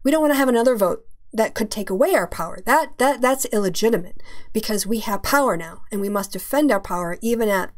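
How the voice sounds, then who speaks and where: Woman putting on a smug power-grabbing brexiteer, pitched up a bit, insistent. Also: expressive, fast talker, lightly acted. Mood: mocking. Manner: mocking, insistent.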